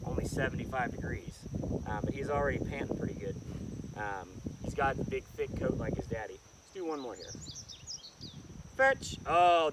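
A man who trains dogs, calmly explaining an outdoor lesson while he works the dog with short commands. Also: medium pitch. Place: outdoors in the countryside. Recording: distant mic with outdoor noise.

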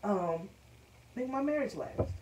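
A woman's voice: medium pitch, animated, takes it slowly, a little mellow. A woman in her forties speaking candidly as an interview guest, emotional and confessional, often repeating words. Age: 40s. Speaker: podcast guest. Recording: echoey room, distant mic, faint noise.

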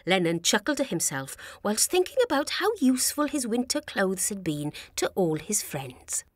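A woman presenting a preschool show, reading a story and talking directly to young children in a warm, singsong way. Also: mid-range voice. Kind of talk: slow, expressive preschool storytelling.

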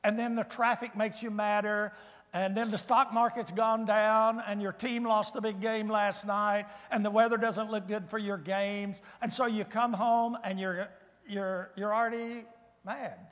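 An older man giving a guest sermon in a church, telling folksy stories with gentle humor. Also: high voice, flat delivery, a little slow, big-room sound. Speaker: guest preacher. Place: church sanctuary.

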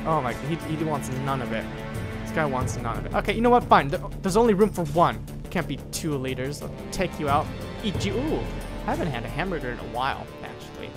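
A man hosting his gaming channel, giving excitable, rambling and playfully dramatic commentary while he plays. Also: a little high, fast, over music. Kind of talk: gameplay commentary.

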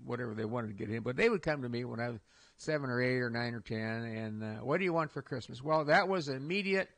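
A man's voice: mid-range voice, fast, fairly bright tone. An older man hosting a radio talk show, talking in a folksy, rambling way with many restarts and chuckles. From Iowa. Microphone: studio microphone.

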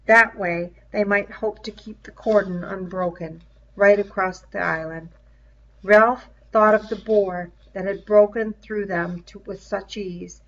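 A woman reading a novel aloud in a measured storytelling manner, with the cries in the story voiced aloud. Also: medium pitch, fairly even intonation. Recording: dull lo-fi recording.

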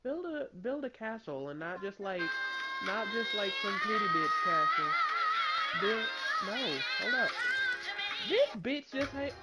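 A woman's voice: fairly high pitch, wildly swooping pitch, a little slow, over loud music. A woman chatting casually while gaming, laid-back and teasing. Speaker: gamer. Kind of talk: casual game chat with friends.

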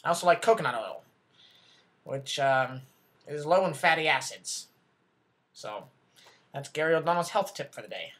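Comedy sketch: a man as a self-important, bumbling male news anchor, voice on the high side, rambling and flustered. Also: animated, normal speed, pauses often, fairly bright tone. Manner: rambling, flustered, corrects himself, talks back off-camera.

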